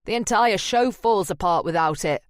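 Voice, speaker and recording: A woman narrating an audiobook, voicing a gruff, blunt older male painter. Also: a little high, moderate pace, no echo, studio quality, lightly acted. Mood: angry. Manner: curt and blunt.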